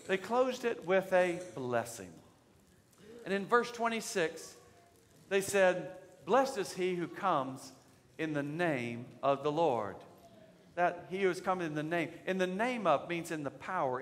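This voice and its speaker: A man preaching a sermon as pastor, leading call-and-response and building up to shouted declarations. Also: a little high. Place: church sanctuary. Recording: church hall reverb.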